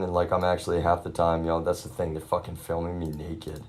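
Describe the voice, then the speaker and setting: A man's voice: low voice, monotone, a little fast, darkish tone. A young man livestreaming from his grandmother's home, ranting at length, swearing heavily and keeping on calling his viewers y'all. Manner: swears heavily and keeps addressing the audience as y'all. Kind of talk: profane rambling rant to a live audience. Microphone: self-filmed camera.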